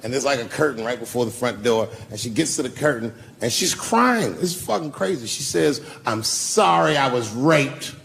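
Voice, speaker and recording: A man's voice: mid-range voice, expressive, a little fast, vocal fry, hardly any pauses, a bit bright, a little hiss or hum. A man doing live stand-up, telling stories in a loose, profane, conversational way. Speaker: stand-up comedian.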